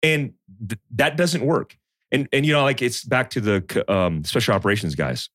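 A man's voice: mid-range voice, normal speed, no echo, studio quality. A man in his thirties in casual chat, telling a story and acting out the quotes. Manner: storytelling, animated, acts out quotes.

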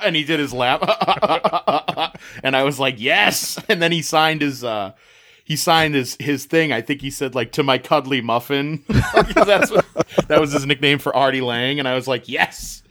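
A man co-hosting a casual podcast, telling an anecdote in an animated way and laughing often. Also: mid-range voice, moderate pace. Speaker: podcast co-host.

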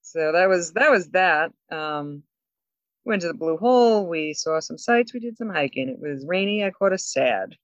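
A woman co-hosting a podcast, telling a story with lots of laughs and quick asides. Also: lowish voice, lively intonation, no room sound, dull audio. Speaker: podcast co-host. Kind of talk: casual chat.

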